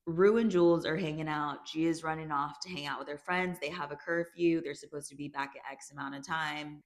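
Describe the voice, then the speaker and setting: A woman with a notably low voice talks through a TV season recap in a loose, chatty way. She is animated and now and then stops the story to react out loud. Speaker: YouTube recap host. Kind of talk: casual TV recap vlog.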